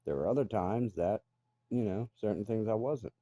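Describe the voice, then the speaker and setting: Middle-aged guy ranting, cussing, really dark mellow voice, super dry close mic. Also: on the low side, moderate pace, dry recording. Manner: blunt, profane, grumbling. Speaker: vlogger. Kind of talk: casual monologue rant.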